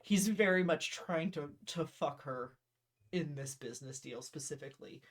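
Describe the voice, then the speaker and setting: A woman's voice: sits low, moderate pace. A woman co-host chatting casually, laughing often and swearing with emphasis. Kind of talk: casual chat.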